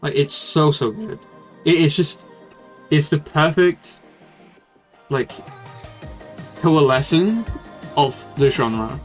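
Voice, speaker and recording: A man's voice: a little high, slow pace, pauses often. Young guy rambling thru a livestream music review, loose and casual, faint music behind. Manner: rambling, loose, with fillers and swearing.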